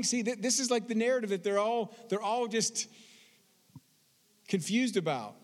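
A man preaching a sermon, expressive, reading scripture slowly and with emphasis. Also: sits high, in a large hall. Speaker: pastor.

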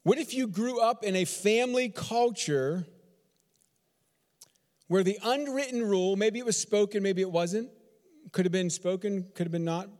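A pastor from Texas preaching a sermon, driving points home with repeated phrases and rhetorical questions. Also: male voice, sits high, a little mellow, long reverb tail. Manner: repetitive, emphatic rhetorical questions.

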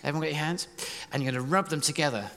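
A man preaching live in a church hall, playful and energetic, directing his congregation as he tells a story. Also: on the high side, racing. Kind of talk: interactive sermon storytelling. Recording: reverberant hall, faint noise.

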